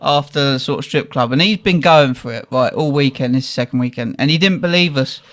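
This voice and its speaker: A man's voice: mid-range voice, fairly quick, a bit bright. Laughing man telling stories. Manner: laughing storyteller, acts out quotes. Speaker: podcast host. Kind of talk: casual podcast chat.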